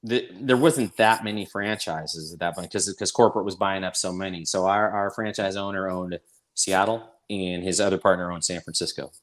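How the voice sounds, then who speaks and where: A man with a fairly low voice talks as a guest over a video call. He rambles in a casual, opinionated way, circling back on himself with frequent restarts. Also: steady tone, moderate pace. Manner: rambling, opinionated sports talk with many restarts. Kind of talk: casual chat.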